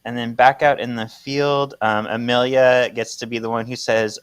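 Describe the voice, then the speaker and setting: A man's voice: mid-range voice, level tone, normal speed, clean tone, no room sound. A man co-hosting a podcast, casually recapping a comic and laughing often while reading it out. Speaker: podcast co-host.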